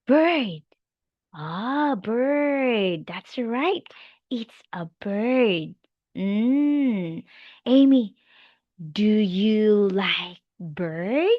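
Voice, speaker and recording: Slow, lively woman teaching a child. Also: mid-range voice, no room sound, dull audio. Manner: slow, animated, encouraging, with animal sounds. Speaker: English teacher. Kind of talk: demo lesson for a young child.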